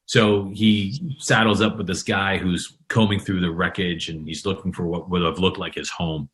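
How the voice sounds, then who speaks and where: A man's voice: low voice, steady tone, moderate pace, fairly bright tone. A man hosting an interview, talking in a motivational way and often repeating words as he builds his point. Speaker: podcast host. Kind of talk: conversational interview.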